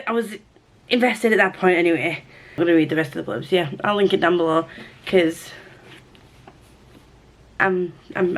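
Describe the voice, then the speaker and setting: A woman chatting to camera as a book vlogger, excitable and rambling, often restarting and repeating her words. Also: fairly low pitch. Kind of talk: casual chat to camera.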